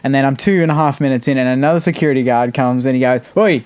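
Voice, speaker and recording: A man's voice: mid-range voice, racing, clean tone, no echo. A young Australian man co-hosting a sports podcast, telling stories animatedly and laughing often. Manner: animated storyteller, acts out quotes, laughs often. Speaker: podcast co-host. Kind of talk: casual chat.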